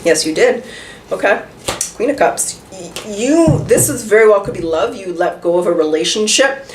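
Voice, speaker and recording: A woman's voice: mid-range voice, lively intonation, moderate pace, a little hiss or hum. A woman giving a casual tarot reading, talking chattily with lots of rhetorical questions and the odd swear word. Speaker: tarot reader. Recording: roomy echo, voice a bit far from the mic.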